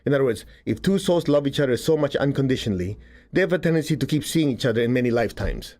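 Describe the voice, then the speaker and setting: Male spiritual teacher, mellow voice, chatty delivery that acts out quotes. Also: mid-range voice, lively intonation, fast talker. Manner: conversational, laughs often, acts out quotes. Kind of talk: casual spiritual talk to an audience.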